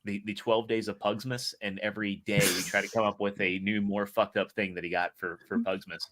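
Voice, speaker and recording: A man's voice: fairly low pitch, level tone, brisk, a bit bright, a little hiss or hum. A man hosting a casual podcast chat, often stumbling and repeating his words as he talks. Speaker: podcast host.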